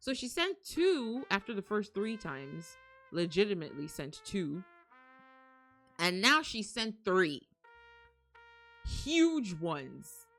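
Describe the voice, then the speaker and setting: A young woman streaming from home, chatting casually with her viewers, excitable and rambling, often breaking into gasps and laughs. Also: mid-range voice, slow pace, long pauses, soft background music. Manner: rambling, restarts sentences. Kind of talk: casual live-stream chat.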